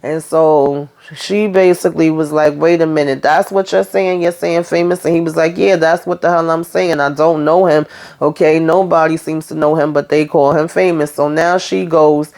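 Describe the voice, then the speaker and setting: A woman's voice: low voice, steady tone, normal speed, a little mellow. A woman hosting a casual TV episode recap, talking in a chatty, slangy way and retelling scenes as she acts out the characters' lines. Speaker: TV recap host.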